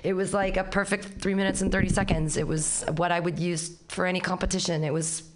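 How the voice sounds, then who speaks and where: A woman's voice: on the low side, level tone, fairly quick. A woman hosting a comedy open mic, loose and enthusiastic, swearing casually as she praises sets and brings on acts. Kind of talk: emceeing a comedy night.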